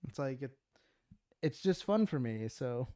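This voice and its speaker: A man's voice: mid-range voice, unhurried, clean tone. A young man hosting a casual chat, rambling through stories with lots of profanity. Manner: rambling, animated storytelling with profanity. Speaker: podcast host.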